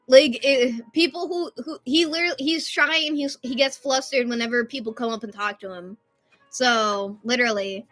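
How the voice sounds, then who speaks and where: A woman in her twenties chatting casually and rambling on a live stream, loud at times. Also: a little high, normal speed, faint music behind.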